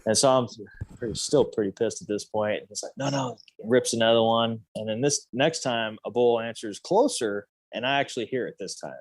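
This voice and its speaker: A man's voice: medium pitch, a little fast, no room sound. A man in his thirties telling a story as a podcast guest, loose and rambling, full of fillers. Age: 30s. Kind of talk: casual storytelling.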